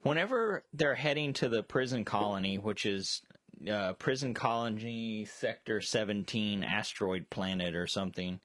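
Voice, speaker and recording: A man's voice: lowish voice, expressive, normal speed, a bit bright, no echo. Rambling man with a dry close sound. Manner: rambling, with many restarts and fillers. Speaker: co-host. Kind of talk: casual movie chat on a live stream. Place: storage shed.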